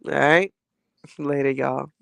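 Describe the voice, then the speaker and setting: A man's voice: medium pitch, fairly even intonation, slow, creaky, fairly bright tone, smooth, dry recording. A man vlogging in a chatty, sassy way while sick with a cold and a bit winded. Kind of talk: casual chat to camera.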